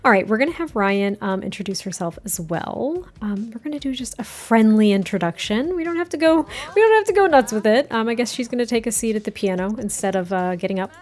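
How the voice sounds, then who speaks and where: A woman's voice: on the high side, lively intonation, a little fast, hardly any pauses, a little mellow. A woman narrating her life-sim game story in a chatty, effusive, gushing way. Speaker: gaming content creator. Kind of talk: casual gameplay narration.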